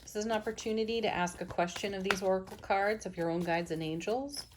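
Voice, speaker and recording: A woman's voice: medium pitch, quick pace, background noise. A middle-aged woman giving an enthusiastic, affirming spiritual tarot reading. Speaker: tarot reader.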